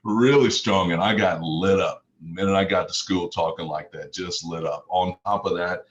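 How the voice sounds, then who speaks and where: A very deep-voiced middle-aged man tells his life story in earnest, piling up repeated phrases for emphasis. The audio is dull and lo-fi, like a video call, with faint hiss underneath. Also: normal speed. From Mississippi, US. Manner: earnest, repetitive lists with emphatic rises. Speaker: motivational speaker. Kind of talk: personal testimony talk.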